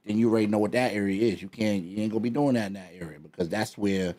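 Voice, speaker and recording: A man's voice: on the low side, very fast, a little mellow. A man, co-hosting a podcast in casual chat, rambling and repeating himself as he talks. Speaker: podcast co-host.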